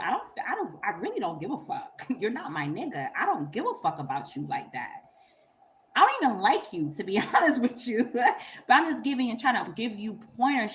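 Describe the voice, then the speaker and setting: A young woman, telling a story to camera in a blunt, profane, animated way and laughing often. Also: a little high, slight background noise. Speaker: vlogger. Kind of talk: unscripted storytime rant.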